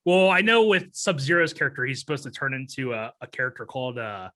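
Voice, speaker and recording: A man co-hosting a casual film review podcast, animated and laughing often, his voice jumping high when excited. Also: fast talker. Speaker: podcast co-host.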